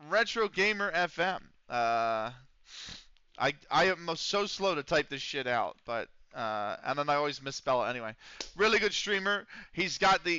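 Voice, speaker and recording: A slightly high, bright and crisp male voice wanders loosely through a football management game stream, full of ums and casual swearing. The sound is close, dry and echo-free but a bit dull and lo-fi.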